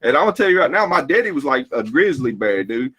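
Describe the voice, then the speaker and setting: A man's voice: mid-range voice, big pitch swings, fast, a bit bright, husky, dry recording. A man, telling emphatic stories in a casual barbershop chat. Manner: storytelling, emphatic. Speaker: podcast co-host.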